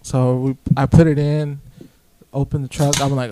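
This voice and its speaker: A young podcast guest tells a long, easygoing, profane story, performing both sides of the dialogue and quoting himself repeatedly. His delivery is flat and moderately paced, in a warm, medium-pitched voice, with slight background noise.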